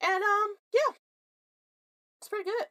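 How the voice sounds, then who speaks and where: A woman co-hosting a casual chat show, telling family stories in an animated, blunt way and laughing often. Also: very high-pitched, unhurried, no echo, clean studio sound. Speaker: podcast co-host.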